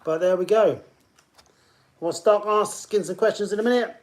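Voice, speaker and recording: A man's voice: high voice, normal speed, a little mellow. A man hosting a live online pub quiz, chatting and greeting players by name as he reads questions. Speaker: quiz host.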